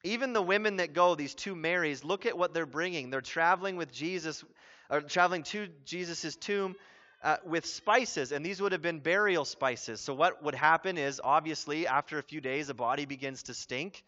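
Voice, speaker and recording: Bright-voiced man preaching a casual sermon. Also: on the high side, moderate pace, muffled recording. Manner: conversational, grows emphatic and loud when stressing points. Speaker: pastor.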